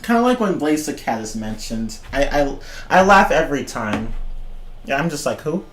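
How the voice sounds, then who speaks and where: A man's voice: mid-range voice, very animated, normal speed, a little hiss or hum. Giggly young man ranting on stream. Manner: rambling, keeps breaking into giggling fits; swears casually. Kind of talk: casual livestream rant.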